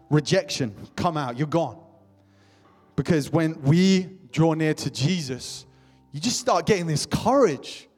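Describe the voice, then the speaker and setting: A young man preaching with fervor, his somewhat high voice ringing through a church hall with a long reverb. Soft music plays underneath as he repeats his calls to the congregation. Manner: impassioned, repetitive calls to the congregation. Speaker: pastor. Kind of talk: sermon.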